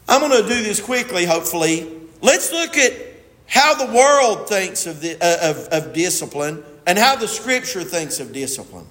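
A man preaching a sermon as pastor, emphatic, swinging from loud stresses to quiet asides, in a church. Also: high-pitched, big pitch swings, normal speed. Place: church sanctuary. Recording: echoey hall with long reverb.

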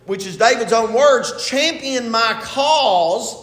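A pastor preaching a sermon, retelling a story with quoted lines and building to emphatic points. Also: male voice, very high voice, expressive, takes it slowly, a bit bright, roomy sound, long reverb tail.

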